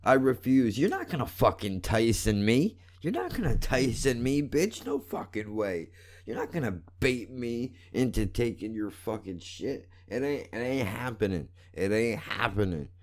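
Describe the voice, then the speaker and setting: A man ranting angrily and profanely into his podcast mic at home, repeating himself and swinging between shouting and muttering. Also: mid-range voice, animated, unhurried. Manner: loud, repetitive, swearing, swings from shouting to muttering. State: agitated. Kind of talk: angry profane rant. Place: home, living room.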